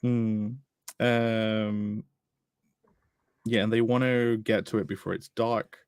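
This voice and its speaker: A man's voice: on the low side, flat delivery, slow pace, a little mellow, clear, resonant tone, no echo. A man chatting casually about a comic, enthusiastic and laughing often. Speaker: streamer discussing a comic. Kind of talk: casual chat.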